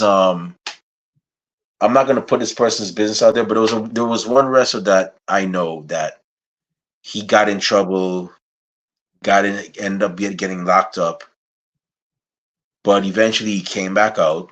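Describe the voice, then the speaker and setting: A man from Guyana hosting an interview podcast, chatting casually and getting animated as he jokes around. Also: lowish voice, normal speed, long pauses, a little hiss or hum. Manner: animated, laughing while putting on a playful accent. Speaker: podcast host.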